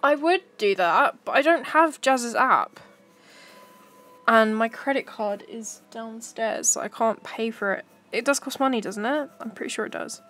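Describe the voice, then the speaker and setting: A woman's voice: a little high, unhurried, a bit bright. Chatty young woman live-streaming. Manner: chatty, giggly, talks to herself. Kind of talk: casual live-stream chat while browsing.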